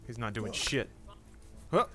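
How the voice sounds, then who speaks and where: A man's voice: mid-range voice, expressive, a little slow, over music. A man playing a video game live, muttering a running play-by-play. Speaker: game player. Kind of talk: live gameplay commentary.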